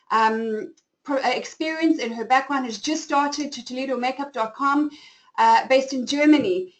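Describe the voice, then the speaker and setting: South african lady in her 40s running a webinar, high voice, gushy and personal. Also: rough recording. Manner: effusive, open personal storytelling. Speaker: webinar host and company founder. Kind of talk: live webinar talk.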